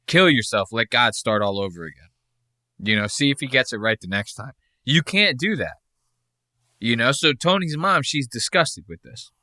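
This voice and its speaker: A man's voice: mid-range voice, bright, forceful tone, dry recording, clean studio sound. Crude, mocking man hosting a podcast. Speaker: podcast host. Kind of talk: casual podcast commentary.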